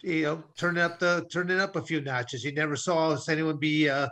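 A man's voice: fairly high pitch, steady tone, brisk, bright, forceful tone. A man co-hosting a talk show, telling a long story in a rambling way with many restarts. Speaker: co-host. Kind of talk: casual storytelling.

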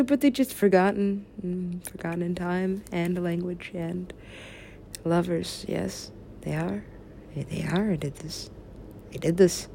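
A woman's voice: lowish voice, slow pace, gravelly, pauses often, warm tone, breathy edge. A woman talking in a meandering, giggly way, swearing freely and trailing off into mumbles. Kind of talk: rambling casual talk.

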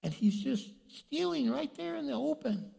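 A man's voice: extremely high pitch, expressive, moderate pace, gravelly, dark tone. A man preaching a sermon as pastor, telling stories animatedly and acting out the voices of the people in them. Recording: long reverb of a large hall.

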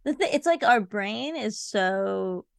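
A woman's voice: mid-range voice, expressive, slow, vocal fry, no room sound, clean studio sound. A woman co-hosting a podcast in casual chat, telling a rambling story in an agreeable, chatty way. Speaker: podcast co-host.

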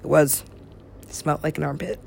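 A woman's voice: sits low, fairly even intonation, fairly quick, creaky, a little mellow, slight background noise. A young woman rambling to herself in a loose, profane way, now and then dropping into a whisper. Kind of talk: rambling solo talk.

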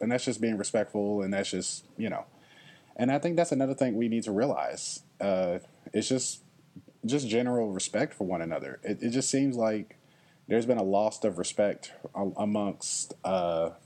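Earnest man, slightly low voice. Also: dark tone. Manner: earnest, repeats "okay?" to check in with listeners. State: emotional at times. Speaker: podcast host. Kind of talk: reflective solo podcast talk.

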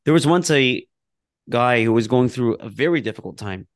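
A man with a gravelly, fry-edged voice teaches a relaxed lesson on prayer. He reads passages aloud, then breaks off into chatty asides and the odd laugh. The sound is dry and close. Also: medium pitch, normal speed, dry recording. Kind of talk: casual religious lesson.

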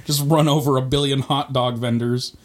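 A man's voice: medium pitch, fairly even intonation, normal speed. Podcast guy cracking jokes about a movie, mid voice, goes off on tangents. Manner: joking, riffing with pop-culture tangents. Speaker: podcast co-host. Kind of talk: casual chat recapping a movie.

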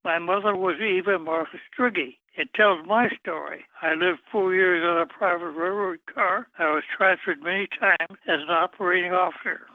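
An older man answering interview questions about his book in a plain, measured storytelling way. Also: high-pitched, fairly even intonation, no room sound. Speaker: guest author. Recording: tinny phone line.

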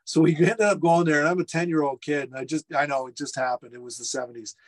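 Middle-aged man, slightly high voice, animated storyteller on a video call from home. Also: fast talker. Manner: lively anecdotal storyteller, acts out quotes. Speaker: restaurateur guest. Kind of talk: casual storytelling interview. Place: home furnace room.

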